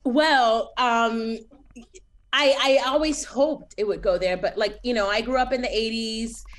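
A woman's voice: fairly high pitch, unhurried. A woman in her forties from Miami, with a Miami accent, chatting as a guest in an interview with lots of fillers. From Miami, United States. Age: 40s. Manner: chatty and animated, with many fillers. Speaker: TV writer, guest.

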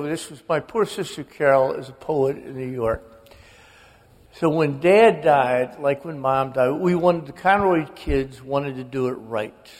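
An older man, a guest author, telling a humorous, self-mocking family story on stage in a large auditorium. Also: medium pitch. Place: large auditorium before an audience. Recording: long reverb of a big hall.

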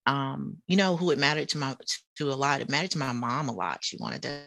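Low-voiced Southern woman, dry close sound. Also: brisk, vocal fry, no echo. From US South, Charlotte. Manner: animated, laughs often, emphatic repetition. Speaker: guest, author and professor. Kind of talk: conversational interview.

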